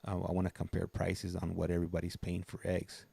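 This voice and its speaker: Low gravelly man chatting casually. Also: completely flat delivery, brisk, mellow, no echo. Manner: rambling, chatty, many restarts. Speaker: livestream host. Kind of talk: casual chat.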